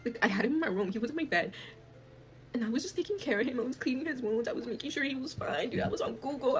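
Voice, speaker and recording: Fast-talking woman telling a story. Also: on the high side, crowd noise. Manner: fast, emotional, profane retelling with acted quotes. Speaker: storyteller in a played clip. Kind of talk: storytime video.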